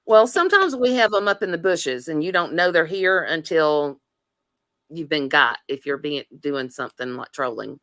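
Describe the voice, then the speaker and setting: A woman hosts a casual livestream chat in a lowish voice. She is chatty, leans on fillers and laughs easily. The sound is close and dry, with no room echo. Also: lively intonation, normal speed, a bit bright. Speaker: livestream host.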